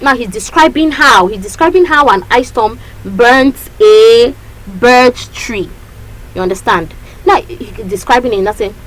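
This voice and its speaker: Lively woman teaching a poetry lesson. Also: fairly high pitch, measured pace, poor audio. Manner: lively, repeats checks like "you understand?". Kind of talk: literature lesson to students.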